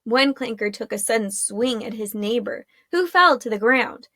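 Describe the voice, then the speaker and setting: A woman narrating a chapter of a fantasy story in a steady storytelling manner. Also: a little high, normal speed, no echo, clean studio sound. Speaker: audiobook narrator. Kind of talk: scripted narration.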